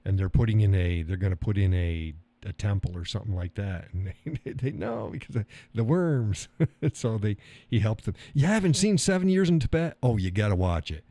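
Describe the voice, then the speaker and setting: A fairly low-pitched, warm male voice, animated and a little fast, is recorded with no echo. This middle-aged live streamer casually reads viewer comments, rambling on with occasional swearing and frequent chuckles.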